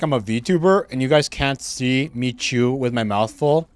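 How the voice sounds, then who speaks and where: Over clean audio with no echo, a game streamer speaks at a measured pace in a medium-pitched voice. His casual chatter is full of fillers and restarts, occasionally muffled by chewing, and he laughs readily and perks up when the game gets exciting.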